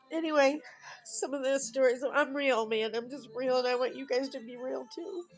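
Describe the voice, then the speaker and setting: A woman's voice: high-pitched, fairly even intonation, a little slow, long pauses, faint music behind, poor audio. A woman in her fifties talking alone at home in a rambling, emotional personal vlog. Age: 50s. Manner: emotional, rambling, tearful at times. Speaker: vlogger.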